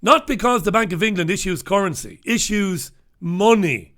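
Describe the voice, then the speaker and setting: A British man hosts a sarcastic, profanity-laced rundown of the day's newspapers, ranting about each story. His voice is high-pitched, animated and fairly bright, moving at a normal speed.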